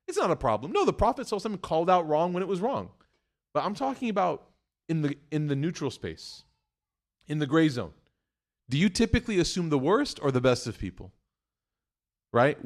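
A man giving a sermon, acting out the voices in his stories with humor, then exhorting earnestly. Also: fairly high pitch. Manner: acts out story voices, animated and joking. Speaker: preacher. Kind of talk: storytelling sermon.

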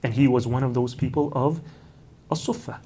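Mellow and husky, this mid-range male voice guides listeners through early Islamic history at an easy pace. He tells stories and frequently inserts Arabic honorifics and informal "you know" asides.

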